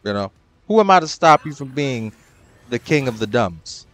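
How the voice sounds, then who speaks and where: A young adult man commenting on his own ranked matches, swearing often and breaking into loud, exasperated outbursts. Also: medium pitch, big pitch swings, normal speed. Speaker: gaming channel host.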